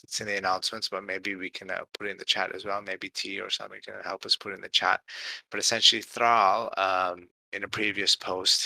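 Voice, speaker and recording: A tired man hosts a casual community call late at night, yawning and rambling with heavy fillers and tags like "right?" in this livestream chat. His voice is on the low side, creaky, pushed and bright. The recording is rough, with no echo.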